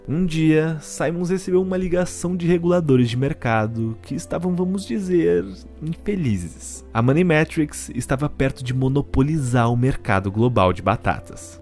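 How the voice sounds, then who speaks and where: A man's voice: medium pitch, a little mellow. Man narrating a documentary story.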